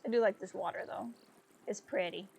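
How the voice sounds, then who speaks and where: A woman's voice: mid-range voice, brisk, gravelly, a little mellow, a little hiss or hum. A young woman streamer, chatty and playful, commenting on a video game live.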